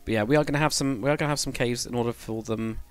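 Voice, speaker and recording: Racing along in a clear, resonant voice of medium pitch, a man talks casually to live-stream viewers as he builds, wandering off track and fixing his own words. Faint music sits behind him.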